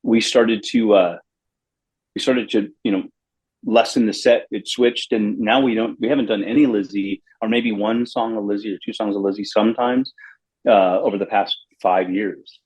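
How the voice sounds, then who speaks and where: Middle-aged man from Los Angeles, husky voice, rambling anecdotes with lively acted quotes, casual interview guest. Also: on the low side, normal speed. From Los Angeles, USA. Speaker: bass player, guest.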